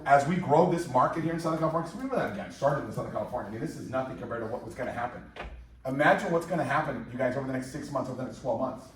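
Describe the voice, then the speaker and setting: A man in his fifties giving an energetic, repetitive motivational sales presentation to a live audience in a large room, rallying the crowd. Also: on the high side. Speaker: company presenter. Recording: very echoey hall, mic far off.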